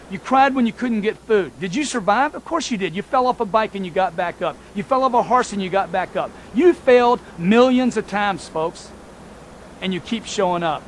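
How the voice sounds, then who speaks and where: Over a bit of background noise, a high-voiced man delivers an emphatic, repetitive motivational speech. He talks straight to his audience, calling them "folks."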